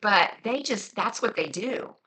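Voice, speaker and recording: A woman's voice: mid-range voice, lively intonation, measured pace, bright, forceful tone, husky, poor audio. Chatty woman with a light Southern twang. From near Cincinnati, across the Ohio border. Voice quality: rambling, chatty, full of fillers. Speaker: journaling crafter. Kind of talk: casual crafting vlog chat.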